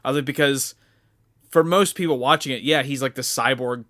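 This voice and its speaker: A man's voice: medium pitch, fairly quick, pushed and bright. A young man co-hosting a podcast, talking in a loose, rambling way, full of fillers and restarts. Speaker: podcast co-host. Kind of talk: casual chat.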